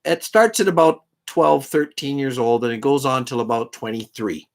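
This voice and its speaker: A middle-aged man chatting casually between songs on a live stream, self-deprecating and often clearing his throat, his voice catching a little from strain. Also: medium pitch, normal speed. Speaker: singer-songwriter streaming live. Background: his own guitar.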